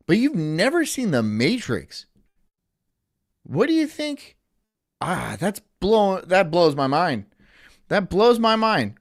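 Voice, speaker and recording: A man streaming in casual chat, ranting in an incredulous, profane way. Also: sits high.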